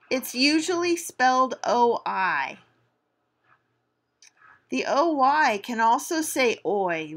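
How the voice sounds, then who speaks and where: A middle-aged woman teacher giving a recorded spelling lesson, speaking deliberately and stretching out sounds to demonstrate them. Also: on the high side, expressive.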